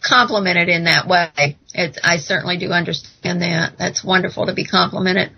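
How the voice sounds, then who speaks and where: A woman's voice: lowish voice, fairly even intonation, normal speed, creaky, husky, dull audio. An American woman in a casual chat, talking in an affirming and reflective way. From United States.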